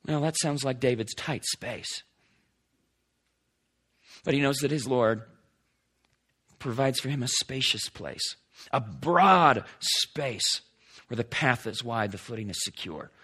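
Husky-voiced male preacher. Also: medium pitch, expressive, slow, long pauses. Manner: dynamic preaching, swings from emphatic to hushed. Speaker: pastor. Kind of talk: sermon.

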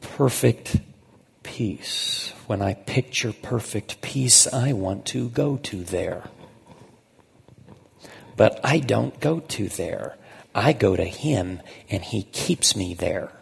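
Husky gravelly pastor in an echoey hall. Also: male voice, fairly low pitch, expressive. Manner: conversational, emphatic, slows on key phrases. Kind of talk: sermon.

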